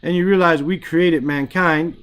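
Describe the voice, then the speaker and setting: A man with a fairly high, smooth, slightly bright voice teaches Arabic grammar in an online class, keeping a steady tone and an unhurried pace. He explains in casual English, recites Arabic phrases, and regularly asks "right?".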